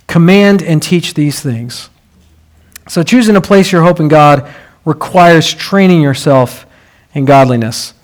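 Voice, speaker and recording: A man preaching a sermon, telling stories in a conversational way and building to emphatic swells. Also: fairly high pitch.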